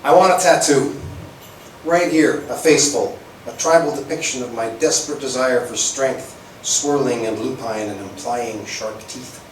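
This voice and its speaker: A man's voice: mid-range voice, normal speed, a little hiss or hum. A man performing a spoken-word poem with a wry, rhythmic delivery at a live open-mic venue. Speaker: performance poet. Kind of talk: spoken-word poetry reading. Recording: echoey room, far from mic.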